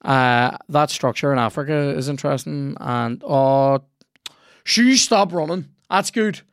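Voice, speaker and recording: A man chats casually while playing a video game, swearing freely and reacting out loud to the match. His voice is gravelly and sits at an ordinary middle pitch. The sound is close and dry. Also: unhurried, dry recording. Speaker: podcast host.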